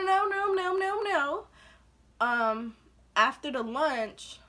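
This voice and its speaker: A woman's voice: mid-range voice, a bit bright. Young woman from belize doing a storytime vlog, talks super casual, says like a lot, acts out what people said. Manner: chatty, heavy use of "like", acts out quotes. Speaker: vlogger.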